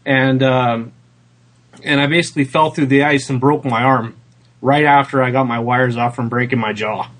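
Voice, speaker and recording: A man's voice: medium pitch, fairly even intonation, normal speed, fairly bright tone. Chill guy on a podcast, plain mid voice, just telling it how it went. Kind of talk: casual podcast chat.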